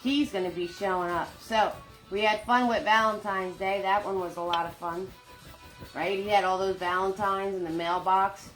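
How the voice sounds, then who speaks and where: A woman's voice: medium pitch, fairly even intonation, moderate pace, a bit bright. A woman hosting a live painting lesson, chatty and upbeat, greeting viewers by name as she gives steps. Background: faint Irish music.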